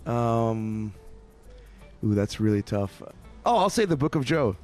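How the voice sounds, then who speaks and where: A man's voice: medium pitch, animated, measured pace, a little mellow, faint music behind. A man from Canada, a musician interview guest, telling stories in a rambling way with many restarts. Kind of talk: casual interview chat.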